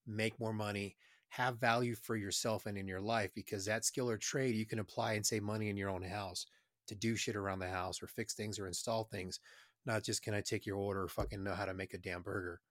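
A man's voice: on the low side, fairly even intonation, a little fast, a bit bright, no room sound. Guy ranting casually, profane and firm, dry mic. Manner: blunt, opinionated, profane. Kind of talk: casual crude chat.

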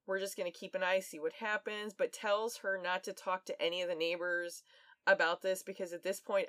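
A woman on a podcast, one of its co-hosts, casually walks through a true-crime story, laughing often and leaning on many fillers. Her voice is medium-pitched and the audio carries no echo.

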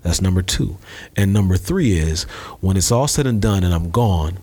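Male guest, low voice, lively storyteller. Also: normal speed. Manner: animated storyteller who acts out voices. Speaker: guest, author and speaker. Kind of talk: podcast conversation.

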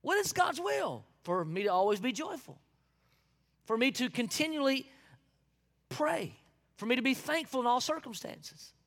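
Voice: sits high, big pitch swings, normal speed, pauses often, a bit bright, big-room sound. A pastor with a Southern US accent preaching a sermon with folksy asides and sudden whoops of joy.

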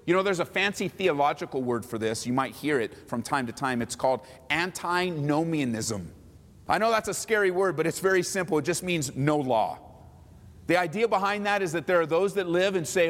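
A man preaching a sermon as a pastor, lively and acting out mocking voices of others. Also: on the high side, brisk, in a large hall.

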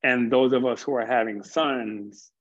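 A man with a steady, mid-range voice sits as an interview guest in a reflective conversation, recorded with lo-fi sound. Earnest and thoughtful, he builds his points slowly over a long stretch, stumbling on words now and then.

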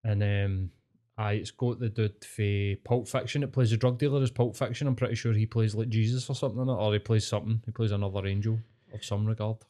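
A man's voice: lowish voice, fast. A young man with a Scottish accent, co-hosting a podcast in casual, rambling chat and swearing freely. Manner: swears a lot, rambling and animated. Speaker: podcast co-host.

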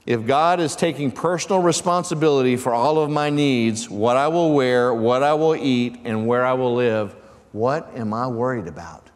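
A man's voice: medium pitch, animated, normal speed. A man preaching a sermon as pastor, calling out questions to his congregation. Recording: long church reverb.

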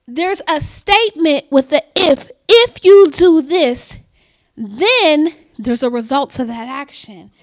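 A woman preaching a sermon, reading scripture deliberately and building her points to loud, emphatic declarations. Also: sits high, animated. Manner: reads scripture slowly and deliberately.

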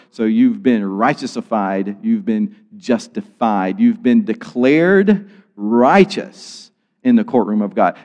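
A pastor giving a teaching sermon, explaining word roots with simple examples. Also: male voice, mid-range voice, a little mellow, in a large hall, highs cut off. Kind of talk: expository sermon.

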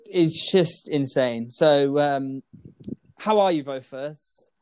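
A man's voice: fairly high pitch, takes it slowly, a little mellow, slight background noise. A young man hosting a casual podcast chat, laughing and teasing his co-hosts. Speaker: podcast host.

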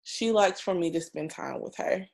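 A woman's voice: on the low side, normal speed, vocal fry, a little mellow. Chatty, emotional mother hosting a podcast. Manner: chatty, emotional, swears casually. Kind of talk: casual podcast chat.

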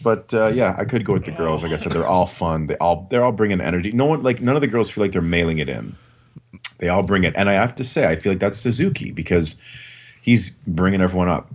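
A man's voice: low voice, lively intonation, fast. A man co-hosting a film podcast, chatting casually and joking crudely, often tacking "man" onto his sentences. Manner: laid-back, crude joking, says "man" a lot. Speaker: podcast co-host. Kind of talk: casual film review chat.

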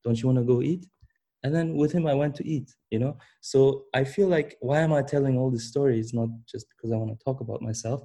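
A young man speaks with an accent that mixes German and Turkish. His voice is mellow and dark, and his pitch sits in a middle range. He tells his story casually, tripping over his words, restarting sentences and laughing now and then. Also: fairly even intonation. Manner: halting, many restarts and repeated words, laughs often. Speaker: fashion designer, guest.

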